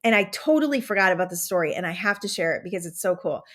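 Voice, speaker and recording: A woman hosting a podcast, giving a casual motivational talk with animated enthusiasm and a slight Southern American twang. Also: on the low side, fast. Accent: drifting into a Southern American twang. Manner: animated, enthusiastic, conversational with many fillers. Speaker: podcast host and manifestation coach.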